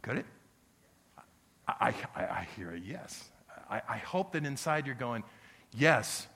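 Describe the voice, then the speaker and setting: A male pastor preaching an impassioned sermon, swinging from loud pleading to hushed prayer. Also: mid-range voice, very animated, normal speed, gravelly, breathy edge. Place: church sanctuary. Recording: long reverb of a church sanctuary.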